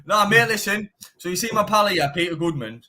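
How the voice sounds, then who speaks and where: A young man, guesting on a casual live-stream interview as a bare-knuckle fighter. His voice sits a little high for a man. He talks in an animated rush, swearing freely and tagging "mate" onto nearly every line. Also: brisk, a loud crowd. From Teesside, northeast England. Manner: animated, swears often, says "mate" constantly.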